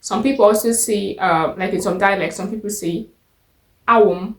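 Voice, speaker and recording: A Nigerian woman teaching a language lesson, patiently repeating each phrase slowly and clearly. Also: medium pitch, reverberant.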